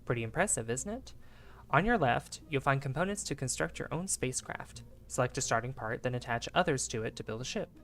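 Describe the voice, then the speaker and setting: A man's voice: medium pitch, expressive, a little fast, a bit bright. A man voicing a chipper male rocket engineer giving a formal guided tour, in a put-on British accent. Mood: formal guide.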